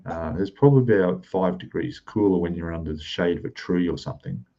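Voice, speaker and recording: A man's voice: low voice, fairly quick, highs cut off. An Australian man hosting a live stream, greeting chat viewers one by one and keeping his voice down in a rented room. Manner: speaking softly, keeping voice down.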